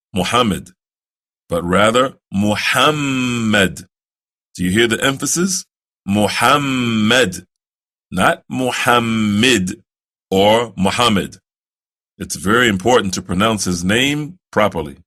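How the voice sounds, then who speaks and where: A man teaching new converts how to pray, speaking slowly and deliberately and repeating phrases for the listener to copy. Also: fairly low pitch, a bit bright, husky. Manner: recites prayer phrases in drawn-out chant. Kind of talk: slow instructional lesson on prayer.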